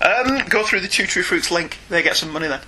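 A man's voice: sits high, animated, fairly quick, sharp tone, a little hiss or hum. A middle-aged British man co-hosting a podcast, reading listener emails aloud, teasing and laughing often. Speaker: podcast co-host, father.

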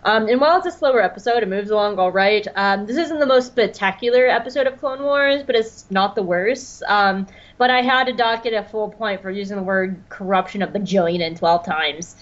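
A woman's voice: mid-range voice, brisk, few pauses. A woman co-hosting a podcast, chatting in a playful way with lots of "um"s. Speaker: podcast co-host. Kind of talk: casual chat. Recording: slightly dull lo-fi sound.

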